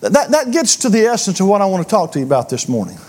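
A man's voice: sits high, big pitch swings, fast, darkish tone. A man preaching a sermon to his congregation, earnest and questioning, often repeating words as he builds a point. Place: church.

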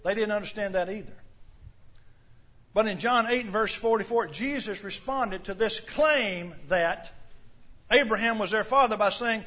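High-voiced man preaching a sermon. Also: normal speed, pushed and bright, lo-fi sound. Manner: earnest, questioning, repeats words when starting.

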